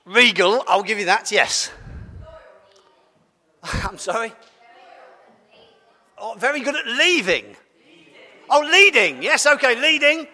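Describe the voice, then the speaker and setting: A man leads a playful sermon and trades quick banter with the congregation. His voice sits high and swings widely in pitch. It rings out with a long echo through a large church. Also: big pitch swings, sharp tone. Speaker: preacher. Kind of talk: interactive sermon. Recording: long church hall reverb.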